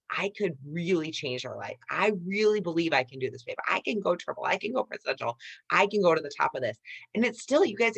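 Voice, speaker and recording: With a fairly low pitch, this thirtysomething network marketing leader recounts a motivational story from her own life. Her energy is animated, and "you guys" comes up often as she addresses the audience.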